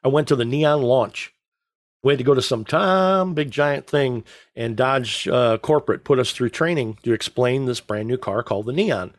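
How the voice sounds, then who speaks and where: A middle-aged man telling stories in casual chat as a podcast co-host, rambling and joking with a deadpan delivery. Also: mid-range voice, normal speed, no room sound, studio quality.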